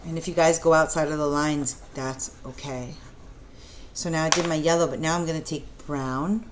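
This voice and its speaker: A woman teaching a preschool art lesson in a gentle, encouraging way, talking the children through each step and asking them questions. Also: low-pitched, steady tone, moderate pace, slight background noise.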